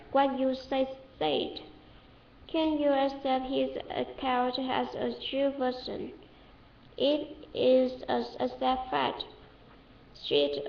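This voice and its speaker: A high-pitched woman with a Vietnamese accent slowly sounds out dictionary words and example sentences, repeating and correcting herself as she goes. She is recorded on a webcam in an echoey room, and the sound is dull and lo-fi. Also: vocal fry, slight background noise. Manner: halting, repeats each word several times, self-corrects. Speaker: English learner. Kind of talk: reading dictionary entries aloud for pronunciation practice.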